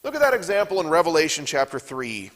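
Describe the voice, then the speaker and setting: A man's voice: on the high side, big pitch swings, quick pace, a bit bright, big-room sound. Man teaching a Bible class. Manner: reads scripture aloud and asks the class questions. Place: church classroom.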